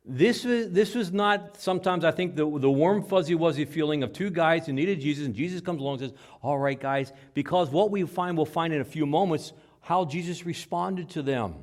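A man preaching a sermon in church, animated, repeating words and acting out the quotes. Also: on the high side, fairly quick, few pauses. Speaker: pastor. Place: church with microphone.

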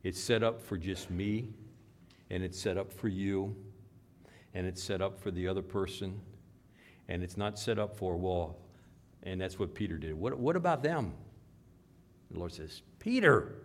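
A pastor with a Midwestern American accent, preaching a sermon that swings from quiet to loud emphasis. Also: male voice, deep voice, steady tone, normal speed, pauses often, slight background noise.

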